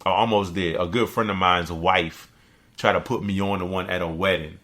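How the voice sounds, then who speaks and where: Bright-voiced man telling animated stories. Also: moderate pace. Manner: animated storyteller, acts out quotes in a high voice. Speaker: podcast co-host. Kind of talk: casual chat.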